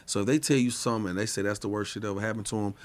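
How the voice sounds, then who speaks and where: A man with a fairly low voice, chatting as a guest on a podcast. He talks loosely and swears freely, stumbling over his words and restarting before he gets there. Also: steady tone, racing. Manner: laid-back, swearing, stammering restarts. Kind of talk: casual chat.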